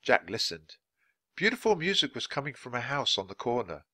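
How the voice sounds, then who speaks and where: A man with a mid-range voice reads a children's chapter book aloud for English learners, keeping a natural but fairly quick pace. His delivery is clear and expressive, rising and falling in a lively way. The recording is close and dry, with no echo.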